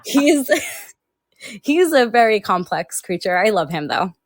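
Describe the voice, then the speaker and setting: A woman's voice: medium pitch, very animated, a little slow. A woman in her thirties, an author being interviewed, talks in a chatty, laughing way and acts out quotes. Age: 30s. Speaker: author guest. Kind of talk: casual interview chat.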